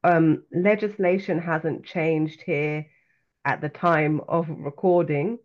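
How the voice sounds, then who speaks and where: A woman with a London accent, an author and coach speaking as a guest in a podcast interview, talking in a reflective, earnest and measured way. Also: sits low, fairly even intonation. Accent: London English. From London, England. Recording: slightly dull lo-fi sound.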